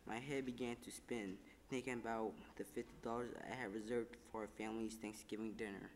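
A man reading a first-person story aloud in calm, measured narration, with a few small slips. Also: fairly low pitch, big-room sound, slight background noise. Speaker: reader.

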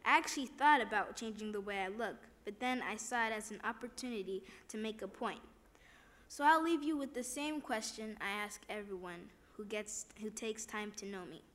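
A woman's voice: medium pitch, moderate pace, fairly bright tone, close to an everyday voice. A woman reading the lines of a kind, earnest young man in a story, in a plain voice.

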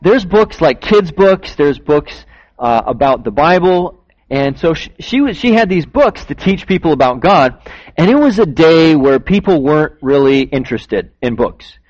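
A man's voice: on the high side, very animated, a little slow, darkish tone. A man telling a story to children during a church service, acting out the people in it and asking the kids questions. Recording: dull lo-fi recording.

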